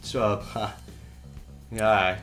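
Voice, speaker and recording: A man's voice: on the low side, fairly even intonation, very slow, fairly bright tone, soft background music. A man co-hosting a podcast in casual chat, joking and laughing often. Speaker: podcast co-host.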